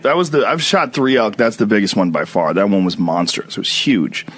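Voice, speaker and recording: A man's voice: fairly low pitch, sing-song, brisk, a little hiss or hum. Matter-of-fact podcast host man. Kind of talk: casual podcast conversation.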